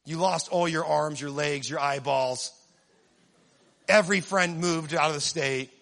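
A man preaching a sermon in an animated way, swinging from low, quiet asides to shouted punchlines, with humor. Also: measured pace, vocal fry.

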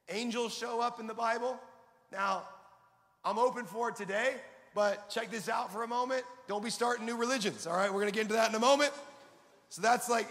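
Bright, high-voiced preacher man. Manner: energetic, conversational preaching with audience call-and-response. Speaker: pastor. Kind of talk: sermon. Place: large hall before a congregation. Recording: long hall reverb.

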